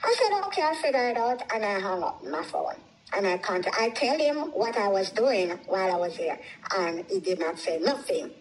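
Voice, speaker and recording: A woman telling an emotional personal story, her voice climbing high when she gets upset. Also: big pitch swings, moderate pace, slight background noise, rough recording. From United States.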